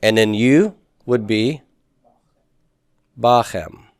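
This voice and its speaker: A man's voice: medium pitch, slow, clear, resonant tone, no echo, studio quality. A man teaching a Hebrew grammar class, patiently asking students questions and confirming their answers.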